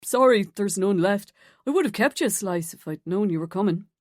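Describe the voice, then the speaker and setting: A woman's voice: medium pitch, animated, brisk, darkish tone, dry recording, studio quality, close to an everyday voice. A woman narrator voicing a shy, socially awkward young woman. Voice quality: timid and blunt.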